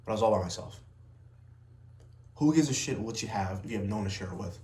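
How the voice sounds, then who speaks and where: A man's voice: fairly low pitch, lively intonation, fast talker, a little mellow, echoey room. A young man ranting bluntly to camera, swearing heavily and stressing his words. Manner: blunt, heavy swearing, emphatic. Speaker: vlogger, salesman. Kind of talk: unscripted personal rant to camera.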